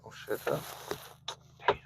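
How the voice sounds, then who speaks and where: A man hosting a livestream, ranting casually and swearing constantly, swinging between loud outbursts and low mutters. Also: takes it slowly, poor audio. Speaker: livestream host. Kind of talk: profane casual rant. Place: Baltimore.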